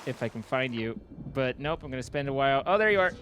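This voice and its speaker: A man's voice: mid-range voice, lively intonation, quick pace, a bit bright, a little hiss or hum. A man streaming a game, bantering and telling stories in a teasing, playful way. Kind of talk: casual gaming banter.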